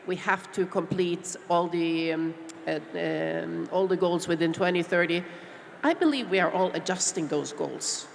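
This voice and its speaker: A middle-aged woman from Norway, speaking on a panel as a small business owner, heartfelt and reflective with many pauses and fillers. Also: lowish voice. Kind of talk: panel discussion talk. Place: large expo hall stage. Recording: long hall reverb with faint background noise.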